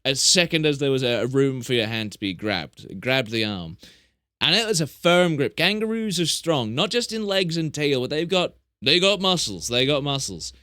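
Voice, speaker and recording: A man's voice: medium pitch, lively intonation, normal speed, bright, forceful tone, smooth, no room sound, clean studio sound. A young man chatting casually on a live stream, rambling and correcting himself as he tells animal stories. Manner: rambling, chatty, self-correcting, plays up tall tales.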